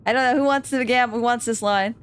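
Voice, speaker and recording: A woman's voice: fairly high pitch, fairly even intonation, fast talker, clear, resonant tone. A woman hosting a game stream, chatting casually and rambling, swearing freely. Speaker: streamer host.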